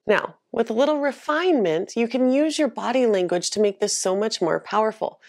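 A woman talks through an instructional video for optical staff, her pitch leaping up and down as she acts out sample lines. Her voice sits a little high and stays expressive and lively. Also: normal speed, few pauses. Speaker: optical business coach.

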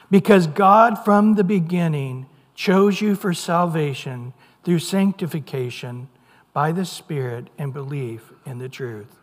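High-voiced man preaching in a church. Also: unhurried. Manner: earnest, conversational preaching with playful put-on voices. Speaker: pastor. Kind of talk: sermon. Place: church sanctuary. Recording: long hall reverb.

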